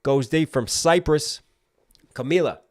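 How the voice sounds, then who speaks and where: A man in his thirties from Maryland, hosting a live stream, rattling off viewer shout-outs at speed before closing with a calm, reflective message to his audience. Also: on the high side, no echo, studio quality. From Maryland, USA. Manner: rapid roll-call of viewer names, then slower and reflective. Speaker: livestream host.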